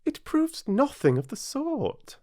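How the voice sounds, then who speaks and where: British man doing a headstrong little girl, high clipped storybook voice, swooping pitch, dry sound. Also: huge pitch swings, slow pace, warm tone, no room sound, exaggerated voice. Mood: indignant. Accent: British English. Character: young girl, sharp-witted and stubborn. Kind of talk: audiobook character voice.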